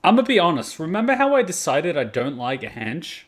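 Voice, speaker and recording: Lively, profane young man reacting to anime. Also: a little high, normal speed. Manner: profane, animated, breaks into loud outbursts. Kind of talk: casual reaction commentary.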